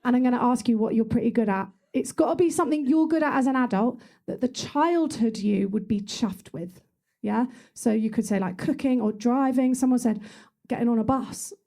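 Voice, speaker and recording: A woman's voice: fairly high pitch, normal speed, creaky, mellow. A young woman doing musical stand-up comedy, chatty and self-mocking, speaking into a handheld wireless mic in a small club. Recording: live room recording with music and crowd.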